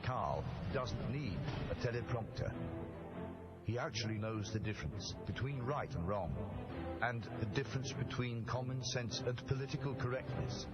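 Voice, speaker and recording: A man reading a dramatic scripted show intro as a radio announcer, in a booming promo delivery over loud music. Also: animated, normal speed, highs cut off.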